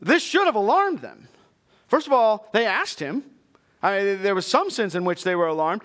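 A man's voice: high voice, big pitch swings, moderate pace, a bit bright. A man preaching a sermon from Texas, reading scripture aloud and then explaining it earnestly to his congregation. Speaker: pastor.

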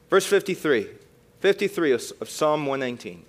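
A young man preaching a youth sermon, shifting between loud emphatic bursts and quiet, reflective passages. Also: a little high, animated, moderate pace. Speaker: youth pastor.

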